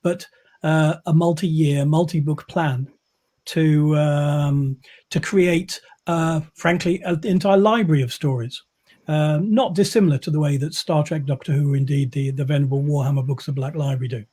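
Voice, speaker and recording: A man's voice: on the high side, fairly even intonation, normal speed, mellow, breathy edge. A man, a publisher, chatting casually on a video call in a wry, rambling way with many fillers. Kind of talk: casual chat.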